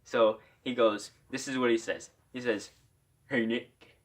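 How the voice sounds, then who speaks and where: A man's voice: medium pitch, fairly even intonation, normal speed. Rambling young guy telling a story. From Iowa. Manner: rambling, with lots of "like" fillers. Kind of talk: casual story time.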